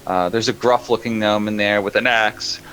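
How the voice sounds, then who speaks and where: Man, game master, lower voice, bright tone, lively pitch, rambling casual narration. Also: moderate pace. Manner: loose, rambling, lots of fillers.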